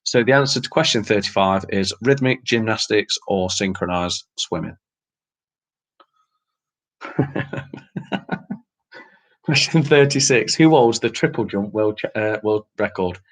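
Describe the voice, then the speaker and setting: A man hosts an online quiz night, reading out questions and answers in a casual, chatty way, laughing often and swearing mildly. His voice sits on the low side and is expressive, and he talks slowly with frequent pauses.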